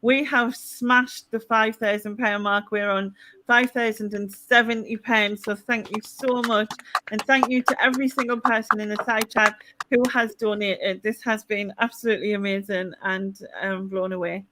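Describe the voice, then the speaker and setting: A woman's voice: mid-range voice, fairly even intonation, moderate pace, pushed and bright, slight background noise. A woman hosting a charity live stream over a video call, chatty, laughing often, with hesitant fillers. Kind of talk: casual live stream chat.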